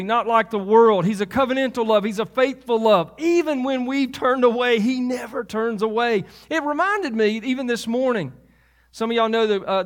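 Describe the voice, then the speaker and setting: A man's voice: very high-pitched, fairly bright tone. A man preaching a sermon as pastor, conversational, with asides and laughs at himself.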